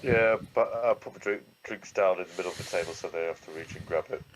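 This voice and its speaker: A man's voice: deep voice, fast. A man playing a tabletop game, talking casually and laughing. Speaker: player. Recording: noisy home recording.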